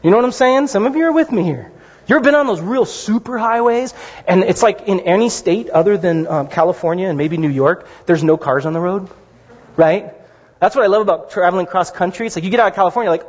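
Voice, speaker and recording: A middle-aged man preaching a sermon as pastor, conversational and animated, with asides to the congregation. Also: sits high, fast. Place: church sanctuary. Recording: dull lo-fi sound in a reverberant hall.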